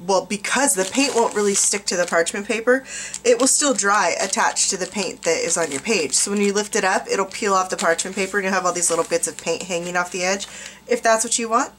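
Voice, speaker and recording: Middle-aged American woman, casual art tutorial host, rambling and self-mocking, mid-pitched. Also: fairly quick, fairly bright tone, a little hiss or hum. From United States. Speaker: art journaling teacher. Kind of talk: casual craft tutorial narration.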